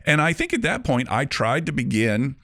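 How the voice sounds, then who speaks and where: A man's voice: medium pitch, moderate pace, no echo, studio quality. A man from Mobile, Alabama, hosting an interview, telling stories and asking questions in a conversational way. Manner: storytelling, animated questions. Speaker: podcast host.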